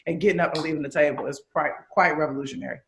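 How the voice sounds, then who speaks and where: A woman's voice: low voice, fairly even intonation, very fast, a little hiss or hum. A woman in her thirties from Chicago, a guest in a casual interview, talking candidly and animatedly and swearing freely. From Chicago, USA. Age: 30s.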